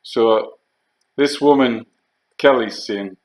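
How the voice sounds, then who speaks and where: Older ex-soldier with a lowish voice, blunt and combative, swearing through a heated monologue. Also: male voice, expressive, a little slow, long pauses, low-quality recording. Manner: blunt, swearing, emphatic with rhetorical questions. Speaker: former soldier telling war stories.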